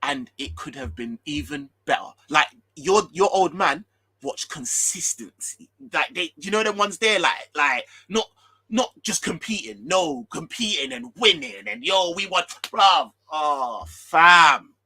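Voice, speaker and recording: His voice sits on the high side with a breathy edge, unhurried and free of echo. This football fan channel host, in his 30s, rants heatedly, animated and swearing, going over the same points again and again.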